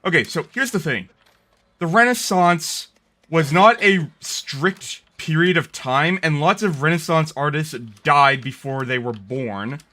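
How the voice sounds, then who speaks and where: A man's voice: fairly high pitch, expressive, a little slow, pushed and bright. A Canadian man hosting a stream, chatting casually and arguing his opinions with friends. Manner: opinionated, talks over others. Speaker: streamer host. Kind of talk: casual group chat on stream.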